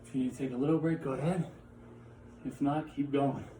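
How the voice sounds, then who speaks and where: A man's voice: medium pitch, fairly even intonation, fairly quick, mellow, echoey room, a little hiss or hum. A man teaching a physical education class, coaching exercises while working out himself and often out of breath. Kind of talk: home workout class.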